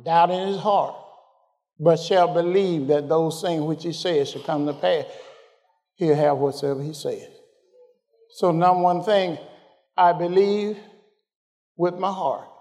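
High-voiced preacher in a hall. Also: male voice, darkish tone. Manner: call-and-response, questioning the congregation; drawls scripture slowly, rising in pitch as he builds. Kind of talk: sermon.

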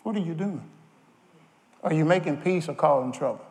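A man's voice: a little high, lively intonation, normal speed, creaky, a little mellow, a little hiss or hum. A man preaching a sermon, firing questions at his congregation. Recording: long hall reverb.

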